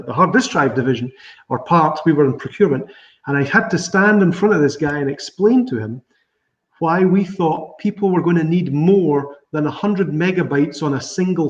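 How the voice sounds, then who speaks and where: A middle-aged man with a Scottish accent, a winemaker chatting on a video call and telling stories with lively laughter. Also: on the high side. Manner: chatty, laughs often, animated storytelling. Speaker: winemaker guest. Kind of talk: virtual tasting interview. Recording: roomy, slightly dull video call audio.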